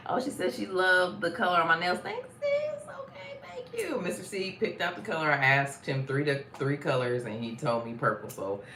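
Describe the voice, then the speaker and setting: A woman's voice: low-pitched, steady tone, a little fast, hardly any pauses, pushed and bright. A woman hosting a casual live stream, chatting in a slangy, easygoing way and sometimes singing greetings to her viewers. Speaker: live-stream host reading viewer comments. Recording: roomy echo with faint noise.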